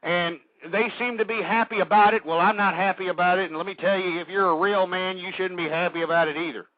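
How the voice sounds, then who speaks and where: A man's voice: high voice, steady tone, fast, no echo. A man hosting an internet radio talk show, ranting angrily in a preachy monologue and stumbling over repeated words. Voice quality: stammering, repeats words when worked up. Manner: angry, indignant, preachy. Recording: dull lo-fi internet radio audio.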